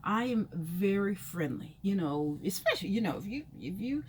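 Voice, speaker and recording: A woman chats her way through a personal story in a loose, rambling vlog manner, dropping fillers into nearly every phrase. Her voice sits at an average pitch but jumps sharply upward whenever she acts out a reaction. Faint noise hums in the background. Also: normal speed. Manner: chatty and rambling, full of "you know" fillers; animated, jumps high in pitch when acting out reactions. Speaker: vlogger telling a personal story. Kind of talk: casual storytime chat.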